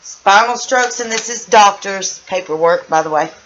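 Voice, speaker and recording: In a home room, a US vlogger delivers an emotional rant, angry and venting, tripping over her words, repeating herself and seeming slightly loopy. Her voice is mid-range and a bit bright, at a moderate pace, and the audio sounds dull.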